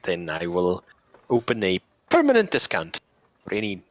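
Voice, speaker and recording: A man's voice: deep voice, wildly swooping pitch, normal speed, no echo. A man voicing a fussy, theatrical male shopkeeper of magic goods who haggles slyly. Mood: wheedling.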